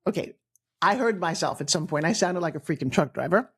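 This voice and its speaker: A middle-aged woman from New York with a New York accent, telling her own life story on a podcast in an animated way, acting out the people she quotes. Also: mid-range voice, fairly quick, husky. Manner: animated, acts out quoted voices, frequent restarts. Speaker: guest storyteller.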